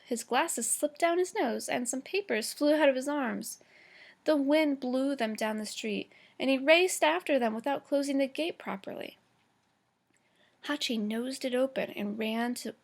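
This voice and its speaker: A woman teacher reading a chapter book aloud to her class, slow and careful, with small stumbles and self-corrections. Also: fairly high pitch, creaky.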